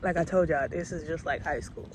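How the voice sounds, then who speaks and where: A woman vlogger tells a story in a chatty, unhurried way, full of slang. She talks casually to her viewers. Loud outdoor and traffic noise sits clearly behind her voice. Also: deep voice. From Alabama, US South. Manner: laid-back, slangy and chatty. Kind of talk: storytelling vlog.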